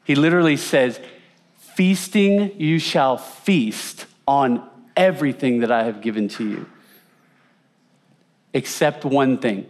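A man's voice: mid-range voice, slow pace, long pauses. A man teaching a conversational Bible lesson, asking his audience questions and repeating words for emphasis. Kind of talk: teaching sermon with slides.

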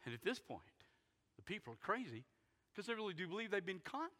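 A man preaching a sermon, retelling a story dramatically and swinging from loud bursts to hushed near-whispers. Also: high-pitched, very animated, a little fast. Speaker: pastor. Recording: long hall reverb in a big sanctuary.

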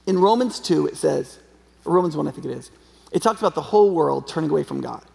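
A man's voice: on the high side, lively intonation, fast talker, creaky, a little mellow. A male pastor preaching a casual, joking sermon with a live chicken as a prop, in a church hall. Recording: long hall reverb.

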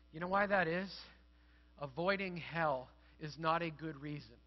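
High-voiced middle-aged pastor preaching. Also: male voice, highs cut off. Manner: conversational storytelling, building to earnest emphasis. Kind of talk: sermon.

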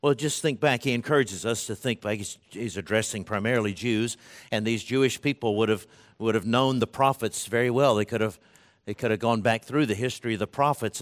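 A man preaching a sermon in a conversational way, often restarting phrases and acting out the words of biblical figures. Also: lowish voice. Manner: conversational, voices scripture quotes, frequent restarts.

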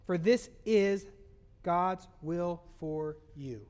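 A man's voice: high-pitched, extremely slow, a little mellow. A man preaching a sermon, speaking earnestly and slipping into acted-out voices of everyday complaints. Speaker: pastor.

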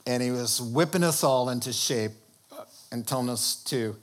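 A man preaching a sermon. He asks the congregation questions and rises into high, emphatic bursts to make his points. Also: very animated, moderate pace.

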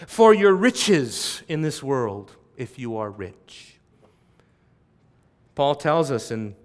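A man preaching a sermon, impassioned, swinging between loud emphasis and soft asides and speaking straight to his listeners. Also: high-pitched. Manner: speaks straight to the audience, with quick conversational asides.

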